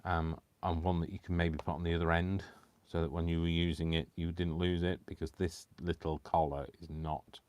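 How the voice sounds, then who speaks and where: A man with a deep, low voice chats casually through a live crafting session. He rambles and talks to himself as he works. He apologizes often and keeps the talk loose and unscripted. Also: flat delivery, normal speed, hardly any pauses, a little mellow, clear, resonant tone. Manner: rambling, self-talking, apologetic. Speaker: craft channel host.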